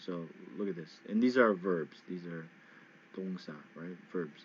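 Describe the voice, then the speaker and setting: A man teaching an English pronunciation lesson in a loose, casual way, checking in with "okay?" and "right?" and drawing out example words slowly. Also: deep voice, fairly bright tone, husky, dull audio.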